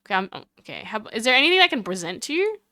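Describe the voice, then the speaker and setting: A young woman streaming a game live, chatting excitedly with her viewers and reading the characters' lines aloud. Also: a little high, racing, no echo, studio quality.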